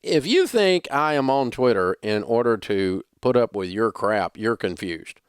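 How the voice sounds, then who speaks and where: A man's voice: mid-range voice, big pitch swings, unhurried, clean tone, no room sound. A middle-aged man with a Southern US accent, hosting a radio show in blunt, joking, dismissive banter on a studio microphone. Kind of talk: casual talk radio banter.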